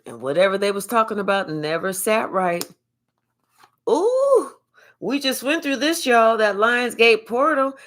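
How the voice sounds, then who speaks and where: A woman doing a casual spiritual reading to camera, profane and animated, stretching out words for emphasis. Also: fairly high pitch, moderate pace, few pauses, slight background noise. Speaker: tarot reader.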